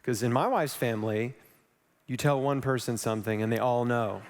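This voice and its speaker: A man tells his personal story from the stage of a big event hall, his voice trailing a long reverb. He talks in an animated way, tossing quick, self-mocking asides to the crowd. His pitch sits in the middle of the male range. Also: background noise. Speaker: speaker at a live event. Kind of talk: storytelling talk to a live audience.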